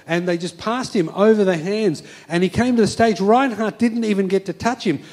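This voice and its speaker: A man's voice: on the high side, a little mellow. A man preaching a sermon, telling a story with fervent, emphatic repetition.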